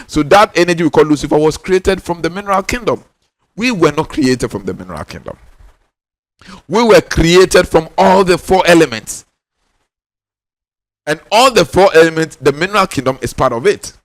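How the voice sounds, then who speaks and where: A man's voice: fairly high pitch, expressive, no room sound. A man with a Ghanaian accent gives a spiritual teaching talk, emphatic and insistent, repeating his key lines for stress. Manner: insistent, drawn-out stressed words.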